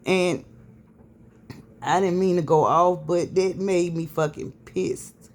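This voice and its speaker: A woman's voice: on the low side, takes it slowly. A stressed, weary woman venting to camera, swearing heavily, with many fillers and restarts. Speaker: vlogger.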